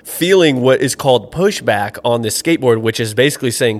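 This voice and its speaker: Young adult man, podcast co-host, mid-pitched, chatty and rambling. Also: brisk, few pauses. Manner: rambling, animated storyteller with many fillers. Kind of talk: casual chat.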